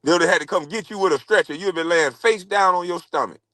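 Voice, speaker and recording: A former pro basketball player in a heated, scornful rant, repeating taunts at a rival. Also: male voice, high-pitched, fast, bright, forceful tone, no room sound, poor audio. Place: podcast studio.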